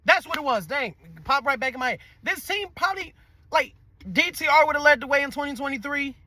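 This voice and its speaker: Male sports host, high and piercing, dry close sound; profane, fired-up rant full of repeats. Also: brisk, bright, forceful tone, no room sound. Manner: heated, profane, repeats himself. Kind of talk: ranting sports commentary.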